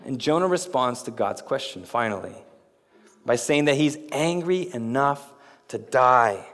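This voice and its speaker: A man preaching a sermon as pastor, with dramatic delivery that rises to emphatic peaks and drops low. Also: expressive, measured pace, a bit bright, in a large hall.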